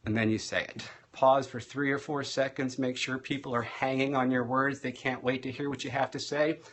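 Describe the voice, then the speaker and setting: An energetic man teaches over a live stream at a mid-range pitch. He shifts between loud and soft and speeds up and slows down to stress his points. He sounds like a practiced classroom speaker. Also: slight background noise. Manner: energetic, varies loudness and pace for emphasis.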